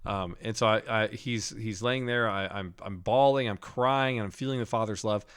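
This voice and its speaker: A man telling a dream story on a podcast in an animated, casual way, full of "like" fillers. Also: lowish voice, moderate pace, smooth. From Denver area, USA. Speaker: podcast co-host.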